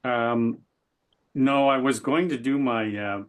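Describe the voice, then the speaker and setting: A man's voice: medium pitch, steady tone. Joking man in his sixties. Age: 60s. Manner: joking, halting. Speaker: podcast guest. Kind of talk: casual podcast conversation.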